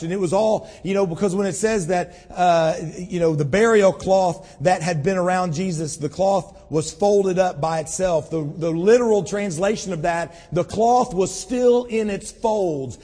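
A pastor with a high-sitting, mellow voice delivers a conversational sermon, reading scripture and explaining it in an earnest, storytelling manner. The recording carries a long hall reverb.

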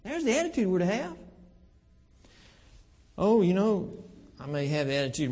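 A gravelly, husky man in his fifties preaches a sermon, folksy and earnest, his pitch rising and falling widely. He slows down to press a point home. His voice carries a long hall reverb, as if in a church sanctuary. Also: wildly swooping pitch, a little mellow. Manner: folksy, earnest preaching with slow emphatic pauses.

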